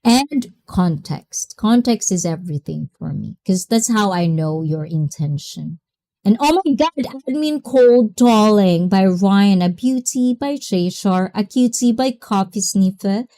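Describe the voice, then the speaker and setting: A woman's voice: mid-range voice, animated, unhurried, mellow. A woman hosting a livestream, greeting viewers by name and chatting casually with effusive exclamations. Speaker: livestream host. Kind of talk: casual livestream chat reading comments.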